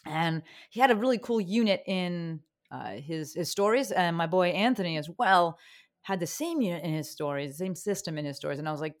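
An enthusiastic woman hosts a casual podcast, her voice sitting a little low for a woman. She talks in a slangy, upbeat, friendly way with a sound. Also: fairly quick. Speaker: podcast host.

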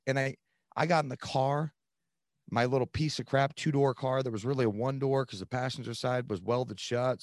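A man in his thirties, a podcast guest, telling his own story in an earnest, animated way with plenty of "like" fillers. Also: medium pitch, no echo, clean studio sound. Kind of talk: candid storytelling.

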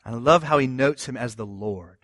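A man preaches a sermon in a loose, conversational way, pressing his points with emphasis and rhetorical questions. His voice sits at a middling pitch and is recorded dry and close, with little sound of the room. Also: normal speed, a bit bright, no room sound. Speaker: pastor.

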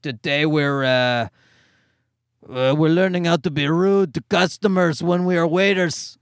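Man putting on a thick French accent, low smoky kids' entertainer, rude, dry sound. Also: unhurried, no echo. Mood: sleazy. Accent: put-on thick French. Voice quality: gravelly, smoker's voice.

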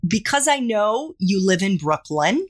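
A woman in her forties hosting a podcast, introducing and interviewing a guest with a lively, playful delivery. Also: mid-range voice, a little slow. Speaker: podcast host.

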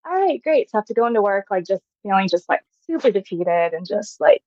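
A quick-talking woman in her thirties with a mellow, mid-range voice shares her story as a podcast guest. She's chatty and laughs often, leaning heavily on "like." The highs are cut off, and there's no echo.

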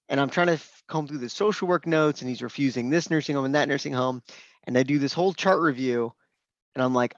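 A man, a physician, telling a story at an open mic in an animated way, acting out the dialogue. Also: medium pitch, a little fast, no room sound. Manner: animated, acts out quoted dialogue. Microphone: video call. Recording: dull, dry virtual-call audio.

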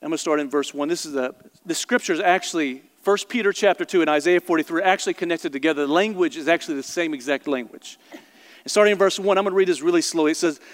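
A man from the American South with a Southern accent, preaching a sermon earnestly and slowing down for emphasis. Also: fairly high pitch, big-room sound. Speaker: pastor. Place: church.

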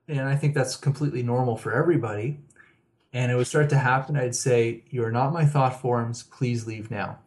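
A man's voice: mid-range voice, a little mellow. A man who is a guest author on a radio interview, telling personal stories and chuckling often.

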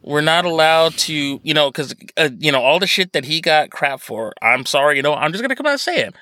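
A man co-hosting a podcast in casual chat, animated and laughing, swearing freely. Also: on the high side, fairly quick. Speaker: podcast co-host.

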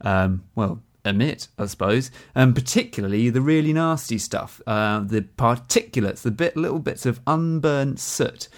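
A man's voice: mid-range voice, expressive, moderate pace, few pauses. A man co-hosting a podcast, explaining a news story step by step in a casual chat, with many ums. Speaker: podcast co-host.

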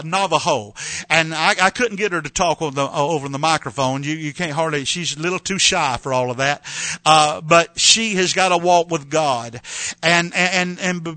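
An older man preaching, telling a missionary story and making an appeal for partners, with many halting repeated starts and building emphasis. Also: sits high, bright, forceful tone, no room sound. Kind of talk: sermon with testimony and appeal.

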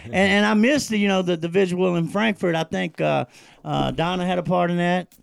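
A man hosting a casual live show, hyping up his guest and giving loud shout-outs to viewers. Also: sits high, steady tone, a little fast, creaky, clean tone, no room sound. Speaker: show host.

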